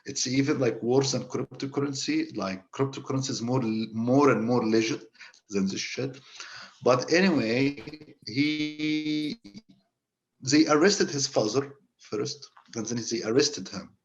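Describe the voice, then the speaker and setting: A man with an Egyptian Arabic accent tells a story in English, casual and halting, looping back over his words as he goes. His voice sits at an ordinary middle pitch. The audio is a bit dull and lo-fi. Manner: hesitant, repeats and restarts words. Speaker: panel guest writer.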